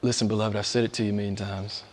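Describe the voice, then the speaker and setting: A man preaching a sermon, swinging from hushed, whispered lines to loud, high exclamations, with playful asides and frequent laughs. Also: little pitch movement, very fast, a little hiss or hum.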